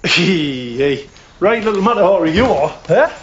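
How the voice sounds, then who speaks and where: Brash Geordie schemer. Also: male voice, high-pitched, expressive, measured pace, highs cut off, a little hiss or hum. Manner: pushy, wheedling. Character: brash scheming working-class man. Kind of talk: TV drama acting.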